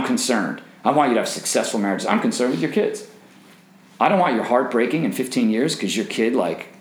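A man leading a Bible study for young singles, talking conversationally, quizzing the group and joking. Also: mid-range voice. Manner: conversational, asks the group questions and jokes. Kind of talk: interactive Bible teaching. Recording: roomy echo.

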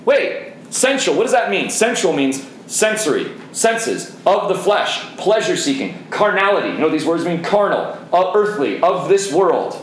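A man's voice: high voice, very animated, moderate pace, few pauses, reverberant, a little hiss or hum, poor audio. A man preaching a sermon, emphatic, repeating key phrases and speaking straight to the congregation. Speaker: pastor.

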